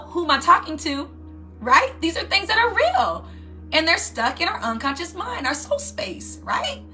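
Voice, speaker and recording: Bright-voiced woman life coach. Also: high voice. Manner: animated, keeps asking "right?". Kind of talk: motivational talk.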